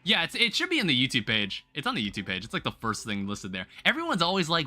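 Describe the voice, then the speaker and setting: A young man hosting a game livestream, chatting casually to his viewers in a rambling, animated way, full of restarts and quick laughs. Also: fairly high pitch. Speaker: livestream host.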